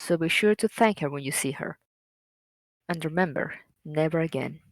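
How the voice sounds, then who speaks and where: A woman's voice: low voice, normal speed, no room sound. A woman voicing a stern, contemptuous man, reading game lines in a cold, curt way. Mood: cold, scornful. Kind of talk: reading visual novel lines aloud.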